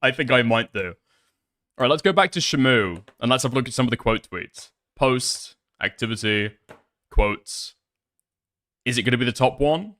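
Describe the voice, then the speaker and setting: Animated, profane streamer man. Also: medium pitch, moderate pace. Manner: profane, laughing, sarcastic asides. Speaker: commentary streamer. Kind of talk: casual stream commentary.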